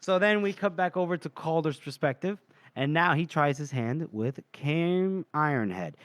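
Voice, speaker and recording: A man co-hosting a casual book podcast, summarizing scenes at length and dropping in small laughs. His voice is smooth and clear. The sound is dry and close, and he sits a bit higher than most men. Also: lively intonation, moderate pace, fairly bright tone, no echo. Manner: retells scenes at length, reading lines aloud with little laughs. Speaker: podcast co-host. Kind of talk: casual chat recapping a novel.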